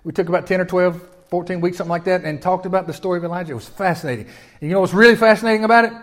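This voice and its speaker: A man preaching a sermon in a folksy, animated way, often asking his listeners questions. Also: high-pitched, very fast. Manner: folksy and animated, with repeated restarts and audience questions. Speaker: pastor.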